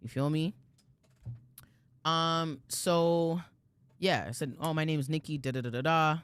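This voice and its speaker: A woman's voice: sits low, moderate pace, clean tone. A woman, co-hosting a podcast and telling a story in casual chat, slangy and swearing freely. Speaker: podcast co-host.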